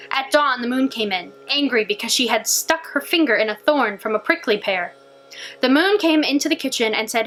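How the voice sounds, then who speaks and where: A woman library storyteller reading a fairy tale aloud in an animated, expressive way. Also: sits high, a little fast, soft background music.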